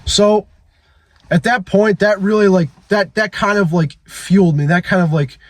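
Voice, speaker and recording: A man's voice: high voice, moderate pace, no room sound. A man in his twenties talking into his phone in a blunt, profane, emphatic confessional monologue. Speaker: fitness vlogger.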